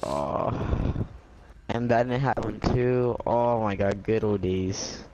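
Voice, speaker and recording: A man's voice: fairly low pitch, fairly even intonation, slow pace, darkish tone, muffled recording. A young man chatting bluntly while gaming, swearing casually. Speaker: gaming friend.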